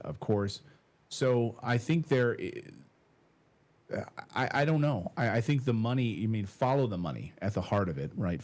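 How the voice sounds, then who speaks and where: A man speaking as a guest on a talk show, animated and sarcastic, with some hesitant restarts. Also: deep voice. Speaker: guest co-host of another show.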